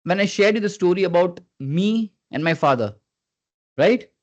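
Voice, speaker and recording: A man in a fairly high register, running a live online skills class. He is earnest and coaxing, prompts his listeners again and again, and lets his pitch rise and fall on purpose. The sound comes through muffled and lo-fi, as over a video call. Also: animated, moderate pace. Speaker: communication skills trainer. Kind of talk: live online training session. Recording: dull lo-fi video call audio.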